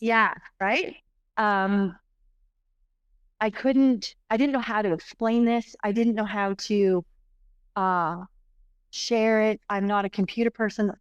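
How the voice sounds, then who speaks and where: A middle-aged woman tells a personal story as a podcast guest, and her talk rambles with many restarts and fillers. Her voice is smooth and clear, and the close microphone keeps it dry and present. She sits at a middle pitch for a woman. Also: slow, long pauses, dry recording, highs cut off. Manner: animated, rambling, full of restarts and "like".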